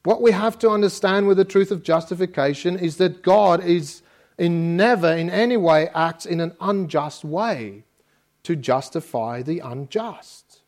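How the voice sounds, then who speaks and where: A pastor delivers a sermon in a slightly high, slightly mellow male voice. His style is conversational, full of homely family anecdotes, with frequent restarts and repeated checks of "okay?" to his listeners.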